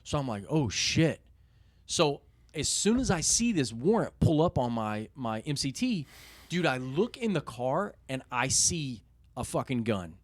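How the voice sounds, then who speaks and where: A young man telling a story as a podcast guest, swearing constantly and animated, often laughing at his own anecdote. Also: medium pitch, moderate pace, dry recording. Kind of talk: casual storytelling in a podcast interview.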